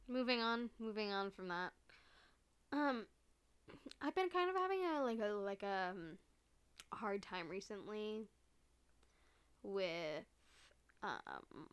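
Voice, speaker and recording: Young woman host, solo podcast, rambling and filler-heavy, a little choked up. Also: medium pitch. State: choked up, near tears. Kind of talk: casual solo podcast monologue.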